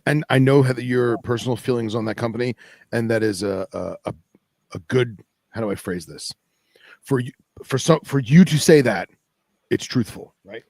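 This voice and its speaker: A man co-hosting a casual podcast, halting and often restarting his sentences. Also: medium pitch, darkish tone, no room sound, studio quality. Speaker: podcast co-host. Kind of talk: casual chat.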